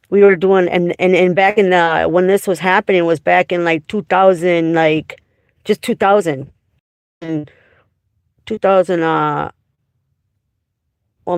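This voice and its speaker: A woman's voice: mid-range voice, darkish tone, no room sound, studio quality. A woman in her forties from Wisconsin, telling rambling, profane stories on a casual livestream from a parked car.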